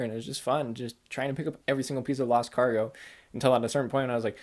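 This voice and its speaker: A young man talks through a game he loved in a loose, excited ramble. He keeps slipping into quick put-on voices for the lines he quotes. His voice sits at an ordinary middle pitch. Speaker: game reviewer. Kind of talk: casual spoiler chat.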